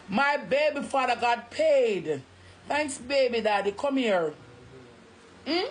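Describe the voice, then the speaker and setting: A woman's voice: a little high, animated, normal speed, a little hiss or hum. A woman with a Jamaican accent ranting angrily on a live stream, repeating herself and cursing often. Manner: angry, repetitive, cursing. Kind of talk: heated live-stream rant.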